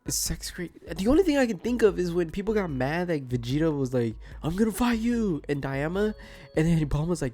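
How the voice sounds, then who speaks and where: A man's voice: a little high, animated, normal speed, mellow, faint music behind. Stuffy-nosed man ranting in exasperation. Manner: exasperated, profane, repeats rhetorical questions. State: sick with a stuffed nose. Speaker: gaming commentator. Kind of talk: ranting reaction commentary.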